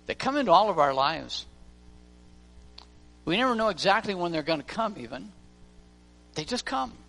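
A man's voice: on the high side, creaky, bright, forceful tone. A man preaching a sermon in a church, telling stories and acting out the voices of the people in them. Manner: storytelling preacher, acts out voices. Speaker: pastor. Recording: long reverb of a church hall, faint music.

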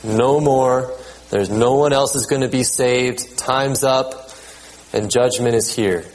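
This pastor preaches conversationally in a medium-pitched, slightly mellow voice, often repeating words and checking in with his congregation. He reads scripture at a measured pace, and the recording quality is rough.

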